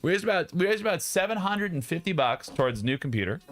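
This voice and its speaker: A man's voice: high-pitched, sing-song, fast, a bit bright. A young man hosting a livestream, chatting casually and jokingly with viewers, often laughing and rambling. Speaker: streamer host. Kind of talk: casual chat with stream viewers. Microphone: studio mic.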